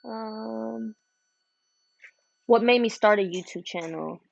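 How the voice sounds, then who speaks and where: A young woman from Florida hosting a late-night livestream, chatting and telling animated stories as she works. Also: fairly high pitch, slow pace, vocal fry, no echo, lo-fi sound. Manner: animated storytelling with laughs. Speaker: livestream host. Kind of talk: casual chat while working.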